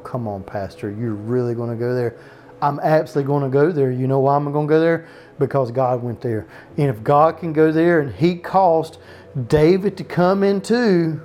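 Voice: mid-range voice, dark tone. A pastor giving a conversational sermon at a home Bible study. The pastor often restarts sentences and breaks off into asides about leaving the notes. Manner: conversational preaching, frequent restarts and off-note asides.

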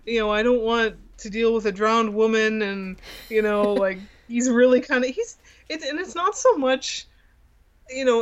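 A woman's voice: on the high side, fairly bright tone. A woman talks casually about favorite film scenes, rambling and restarting as she searches for words. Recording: slightly dull lo-fi audio.

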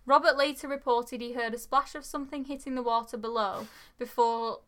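A woman's voice: fairly high pitch, steady tone, fairly quick, fairly bright tone. A woman co-hosting a podcast, reading out case details in a casual way and laughing often. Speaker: podcast co-host. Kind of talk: casual true-crime chat.

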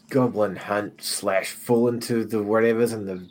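A player in a tabletop game, talking in a playful, animated way. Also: medium pitch, measured pace, few pauses, slight background noise. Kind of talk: casual tabletop play.

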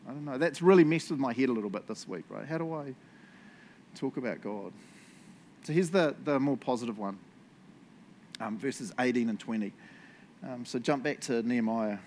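Chatty New preacher, laughing often. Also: male voice, medium pitch, moderate pace, pauses often, darkish tone, a little hiss or hum. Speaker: pastor. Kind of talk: casual sermon.

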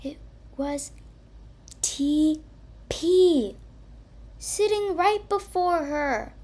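A woman reading a children's story aloud in a slow, expressive way. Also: sits high. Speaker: narrator.

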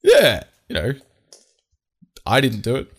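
A man's voice: medium pitch, huge pitch swings, takes it slowly, gravelly. An Australian man co-hosting a podcast, trading crude jokes in casual banter. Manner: crude joking, swears freely. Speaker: podcast co-host.

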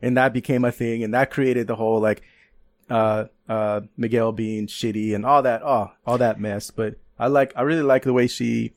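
A man's voice: medium pitch, moderate pace, no echo, studio quality. A young man from California, a podcast guest, chatting casually with lots of laughter and swearing. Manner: laughing, animated storyteller, swears freely. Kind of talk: casual chat.

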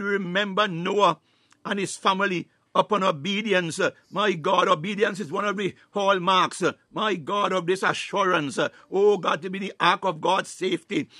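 A man preaching a fervent sermon, filling every pause with "my God" and "hallelujah" and sometimes breaking into tongues and shouts. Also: high voice, slightly rough, dry recording. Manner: bursts into tongues, rising to shouts.

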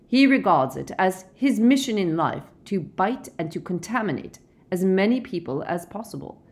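A woman reading a calm, weary middle-aged werewolf man, measured and gentle in an audiobook. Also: mid-range voice, pitched above the performer's own voice.

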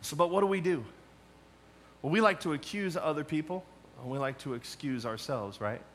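A male pastor preaching a sermon, emphatic, moving between loud challenges and quiet asides. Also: on the high side, moderate pace.

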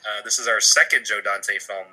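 A man's voice: on the low side, steady tone, normal speed, pushed and bright, husky, rough recording. A man co-hosting a casual movie podcast, summarizing plots with many uhs and ums and dropping dry quips. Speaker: podcast co-host.

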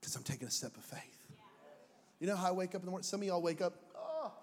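A man preaches with a fairly high, lively voice, cracking jokes and slipping into put-on voices. The sound rings with long reverb through a big hall. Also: racing. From Mexican heritage. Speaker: pastor. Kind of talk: sermon.

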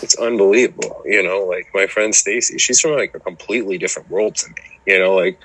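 A man's voice: low-pitched, a little fast, a bit bright, breathy edge, poor audio. A man guest on a hiking podcast, talking casually and rambling with lots of "you know" and restarts. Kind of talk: casual chat.

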